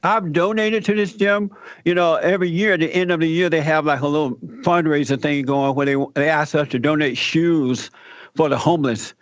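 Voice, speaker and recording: A man telling a personal story in an interview, animated and acting out the people he quotes. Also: on the high side, normal speed, no room sound, muffled recording. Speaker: guest telling his story.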